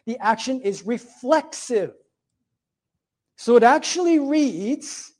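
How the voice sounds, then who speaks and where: A man preaching a sermon, building emphatic repeated phrases and slowing down to stress key words while explaining a point like a teacher. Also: very high-pitched, lively intonation. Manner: emphatic, repetitive cadences with slow, stressed phrases.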